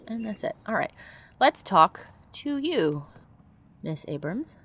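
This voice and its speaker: A woman's voice: medium pitch, very animated, takes it slowly, fairly bright tone, slight background noise. A woman giving casual let's play commentary, blunt and chatty, swearing freely.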